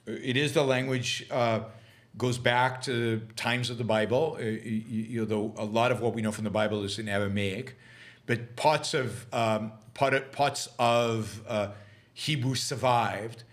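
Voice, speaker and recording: Middle-aged male host, live Q&A, argumentative, stumbles and restarts often, mid-pitched. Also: fairly bright tone. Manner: halting with many restarts and fillers, argumentative. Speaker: podcast host answering live questions. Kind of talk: livestream commentary and Q&A.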